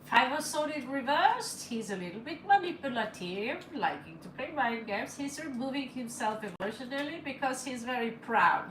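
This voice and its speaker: A woman's voice: sits high, lively intonation, moderate pace, hardly any pauses, fairly bright tone. A woman who does not speak English as her first language, chatting and laughing as she reads tarot cards aloud on a live stream, in slightly broken English. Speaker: tarot reader. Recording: echoey room with faint ambient noise.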